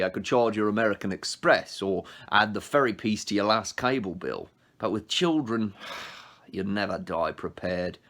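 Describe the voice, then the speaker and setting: A man voicing a smooth, greedy male ferryman of the dead in a put-on British accent, speaking slowly and mockingly. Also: on the low side, lightly acted.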